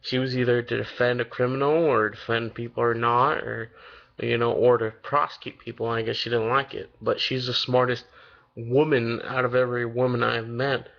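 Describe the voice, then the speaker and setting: An eighteen-year-old vlogger talks straight to his audience in a loose, wandering ramble packed with "like," "you know," and casual swearing. His mid-range voice is level and moderately paced with a gravelly fry. The audio is dull and lo-fi, like a cheap home setup.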